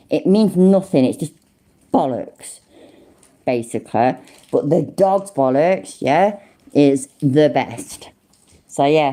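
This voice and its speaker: A woman streamer with an English Midlands accent gives rambling, sarcastic, sweary livestream commentary. Her voice is deep and warm.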